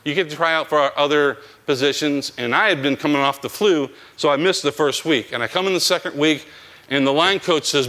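A man's voice: a little high, brisk. A man telling a story from his life in a conversational interview, acting out the dialogue of the people in it. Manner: animated, acts out quoted dialogue.

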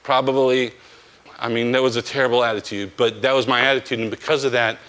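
A man's voice: medium pitch, quick pace. A man telling a story from his life in a conversational interview, acting out the dialogue of the people in it. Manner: animated, acts out quoted dialogue.

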